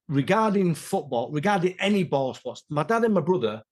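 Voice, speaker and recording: A man, an interview guest and martial artist, talking casually and telling animated stories from his past. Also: on the high side, fairly quick, few pauses. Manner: animated storyteller, acts out quoted voices. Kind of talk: casual conversational storytelling.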